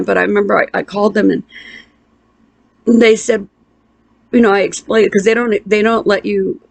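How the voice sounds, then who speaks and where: A middle-aged woman tells a painful personal story, halting and emotional, with restarts and pauses. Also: medium pitch, gravelly, no echo. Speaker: interviewee.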